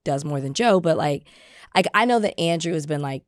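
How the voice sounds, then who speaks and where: A woman's voice: sits low, lively intonation, a little fast, dry recording, clean studio sound. A woman co-hosting a podcast, talking politics casually and pressing pointed repeated questions. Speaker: podcast co-host.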